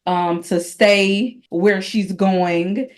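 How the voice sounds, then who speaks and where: A middle-aged mother answering interview questions, thoughtful and halting. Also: mid-range voice, steady tone. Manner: thoughtful, halting, with fillers and soft laughs. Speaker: guest, mother.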